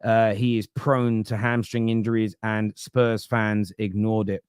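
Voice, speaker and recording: A young man talking football from home as a pundit, answering viewer comments in a loose, animated way that trails off and restarts. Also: lowish voice, unhurried, clean tone, no room sound, studio quality. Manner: animated, laughing, self-interrupting. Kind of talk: live football chat reading viewer comments. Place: home room.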